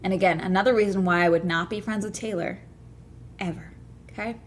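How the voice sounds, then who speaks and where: A woman's voice: mid-range voice, steady tone, brisk, a little hiss or hum. A woman streamer chatting casually to her viewers, ranting hard and swearing a lot. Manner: ranting, profane, fired up. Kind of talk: casual livestream chat.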